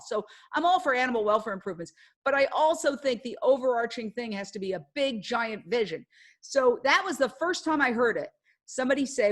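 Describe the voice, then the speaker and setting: A woman's voice: on the high side, expressive, normal speed, fairly bright tone. A woman journalist telling a story in a passionate, emphatic way during a casual live talk. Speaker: guest speaker, journalist.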